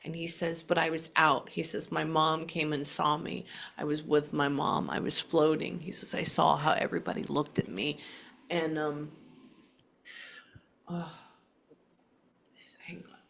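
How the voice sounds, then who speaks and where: A woman giving a spirit reading, her voice sitting fairly low with a rough, gravelly fry running through it. She talks earnestly and reassuringly, often stopping mid-thought to pause or add an aside. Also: level tone, fairly bright tone, slight background noise. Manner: earnest and reassuring, relaying messages aloud; halting, with frequent pauses and asides. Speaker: psychic medium. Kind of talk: spirit reading session with a client.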